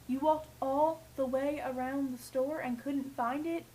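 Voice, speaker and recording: Exasperated high-voiced young woman ranting. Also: steady tone, normal speed, few pauses, fairly bright tone, low-quality recording. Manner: exasperated, swearing, mimics customers. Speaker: retail worker. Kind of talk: casual vlog rant.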